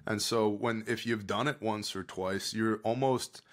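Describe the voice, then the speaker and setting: A man's voice: on the low side, a little slow. An American man, a podcast guest who leads disaster relief work, telling stories in a casual chat and acting out what people said. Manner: animated storyteller, acts out quotes, swings from loud to hushed.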